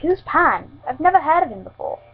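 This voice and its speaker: A polite young woman brimming with eager questions, as a woman reading a story puts her on. Her voice sits fairly high, and the recording is muffled, with faint music underneath. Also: sing-song, brisk. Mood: curious. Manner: asks many eager questions.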